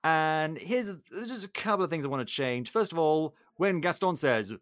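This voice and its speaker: Animated, jokey male podcast host. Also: a little high, a little fast, few pauses, no room sound, clean studio sound. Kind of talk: casual chat retelling a film.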